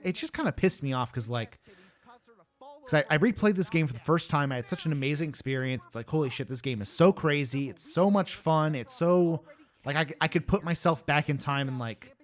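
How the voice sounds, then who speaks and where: A man hosting a casual commentary track, ranting with lots of swearing and fillers. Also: mid-range voice. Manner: ranting, profane, rambling with many fillers. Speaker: YouTube host. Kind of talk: casual behind-the-scenes commentary.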